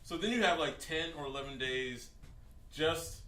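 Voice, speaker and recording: A man's voice: a little high, normal speed, pushed and bright. A male comedian telling a rambling story on stage, laughing as he goes. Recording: echoey club from far off, noisy.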